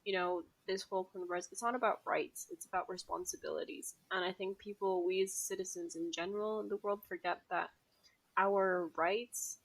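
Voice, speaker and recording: A woman's voice: medium pitch, fairly even intonation, brisk, poor audio. A woman co-hosting a casual podcast, laughing easily and speaking earnestly. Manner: giggly, earnest. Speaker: podcast co-host.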